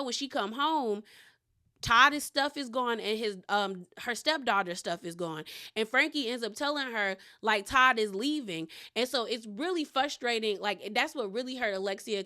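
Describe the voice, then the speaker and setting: A young woman with a fairly high voice recaps a reality show in a loose, chatty way. She gives her opinions freely and acts out other people's lines as she tells the story. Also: pushed and bright. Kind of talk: casual recap commentary.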